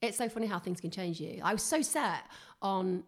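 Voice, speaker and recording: A woman's voice: medium pitch, animated, moderate pace. A woman telling stories in an eager, casual chat, full of "like" fillers. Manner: chatty, enthusiastic storyteller with many "like" fillers.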